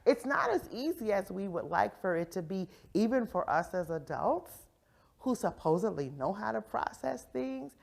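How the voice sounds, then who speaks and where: A woman leads a workshop session for educators, speaking in an animated, conversational way and often checking in with her audience. Her voice sits at a middle pitch. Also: normal speed, vocal fry. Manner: animated, acts out quoted voices, frequent "right?" check-ins. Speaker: conference presenter on early childhood education. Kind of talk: interactive professional development talk. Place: conference session room.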